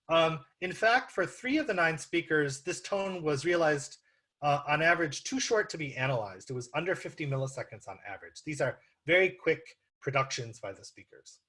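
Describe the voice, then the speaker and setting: A man's voice: on the high side, bright, forceful tone, breathy edge. A man with an American accent gives an academic lecture over a video call, explaining slides with frequent ums and uhs. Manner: explanatory, many ums and uhs, walks listeners through slides. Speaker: guest lecturer.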